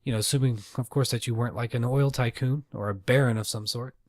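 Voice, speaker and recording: A man's voice: medium pitch, fairly even intonation, fast, no echo, clean studio sound. A man hosting a casual solo podcast, rambling and swearing freely with self-deprecating asides. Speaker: podcast host.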